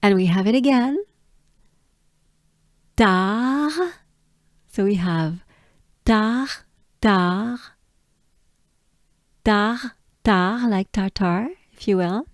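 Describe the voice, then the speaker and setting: A woman from France with a French accent, patiently teaching pronunciation and repeating each sound slowly. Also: mid-range voice, dry recording, studio quality. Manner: patient, drills words by repeating them. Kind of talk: slow pronunciation lesson.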